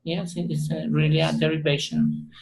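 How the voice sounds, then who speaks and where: A male student with a mother tongue, presenting in a class over a video call. He talks haltingly, full of fillers and self-corrections. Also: a little high, flat delivery, vocal fry, darkish tone, rough recording. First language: Spanish.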